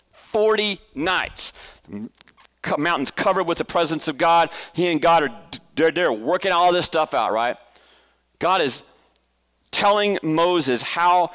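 Male pastor, mid-high voice, chatty preaching that keeps asking the room questions. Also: fairly bright tone. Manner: conversational, asks rhetorical questions. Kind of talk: sermon. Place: church.

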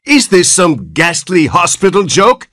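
A man's voice: high-pitched, sing-song, unhurried, a bit bright, dry recording, clean studio sound, pitched above the performer's own voice, exaggerated voice. A man voicing a panicked father who thunders in terror and moans in horror. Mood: frantic. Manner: thundering, frantic outbursts and horrified moaning.

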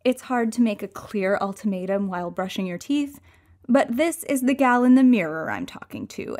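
A woman reading a first-person audiobook, expressive and moving between hushed and excited passages. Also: mid-range voice. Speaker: audiobook reader.

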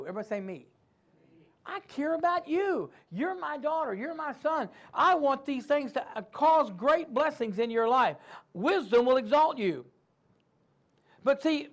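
A man preaching a sermon as pastor, animated, acting out quick voices and asides to the congregation. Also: very high-pitched.

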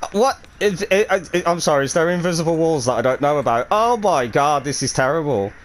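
A young man giving excitable live gameplay commentary, swearing freely and calling out to his teammates. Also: on the high side, a little fast, low-quality recording. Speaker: gaming video creator.

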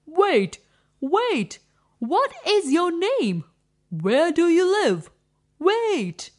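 A woman's voice: extremely high pitch, sing-song, drawn-out words, a little mellow, voice pushed up, full character voice. A woman voicing an eager young prince in a children's storybook, calling out earnestly. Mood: urgent.

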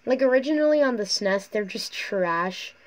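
A woman's voice: mid-range voice, lively intonation, moderate pace. A talkative woman giving rambling, chatty commentary while playing a mobile racing game, recorded on her phone's microphone. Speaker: mobile gaming YouTuber. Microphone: phone mic through a screen recorder.

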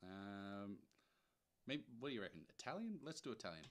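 A low-pitched young man talks through a live software demo as he builds it. He keeps it loose and chatty, thinks aloud and drops wry little asides along the way. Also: sing-song, moderate pace, noisy background. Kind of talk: casual live screen-share tutorial.

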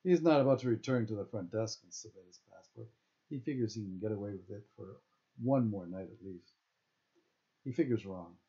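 A man's voice: lowish voice, brisk, warm tone. A man reading his own novel aloud, stumbling now and then and correcting himself mid-sentence. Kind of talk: audiobook-style reading of own fiction. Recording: dull lo-fi recording.

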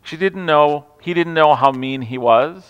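A man preaching a Christmas Eve sermon, telling stories with humor and swinging from loud declarations to hushed asides. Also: on the high side, a little slow, clean tone, lo-fi sound. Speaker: pastor. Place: large church sanctuary. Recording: reverberant church hall.

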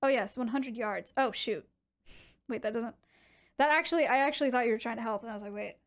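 A young adult woman streaming, chatting casually with her viewers in an animated way, with quick asides. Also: a little high.

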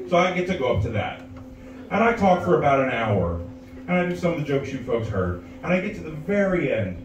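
A man's voice: fairly high pitch, a little fast, noisy background. A man performing stand-up comedy, telling a long story and acting out other people's voices. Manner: animated, acts out characters' voices. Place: comedy club stage. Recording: roomy, distant live club recording. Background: audience laughter.

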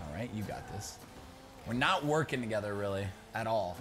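Young male gamer, lively, swinging delivery, chatty with a teammate, noisy background. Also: medium pitch, a little fast. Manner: excitable, chatty, talks to teammate, bursts into loud shouts. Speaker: gaming YouTuber. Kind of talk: live gameplay commentary. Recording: background noise.

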